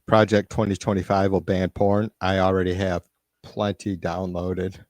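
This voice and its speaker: In a casual live-stream rant, a man reads comments from viewers and complains with plenty of profanity and irritation, using a computer mic. He has a low, level, slightly mellow voice at normal speed, with no echo.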